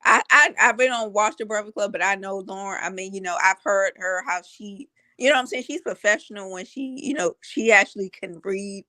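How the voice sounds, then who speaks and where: A woman co-hosting a casual reaction stream, talking in a hesitant, halting way and laughing often. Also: mid-range voice, bright, forceful tone, no room sound.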